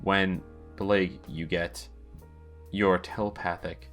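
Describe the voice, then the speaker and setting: A man runs a tabletop game as game master, explaining options and rules patiently and at length. His voice sits low. Faint background music plays under him. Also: steady tone, slow, a bit bright.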